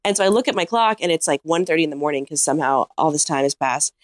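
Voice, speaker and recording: A woman, a podcast guest, telling a comic story in a casual, animated way with lots of "like.". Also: low-pitched, fast, dry recording, clean studio sound. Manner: animated anecdote-teller, heavy use of "like".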